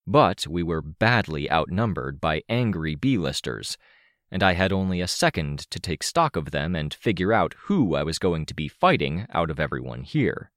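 A man narrating a first-person audiobook in a steady, wry way. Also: low-pitched, no room sound, studio quality.

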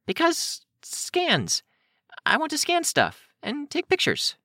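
A stubborn, eager teenage girl , as a male narrator puts her on, pitched high above his own voice and insistent. Her voice sounds a little distant, its tone unlike his usual one. It is a dry audiobook recording. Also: wildly swooping pitch, takes it slowly, pushed and bright, dry recording, exaggerated voice. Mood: pleading. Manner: insistent, pleading.

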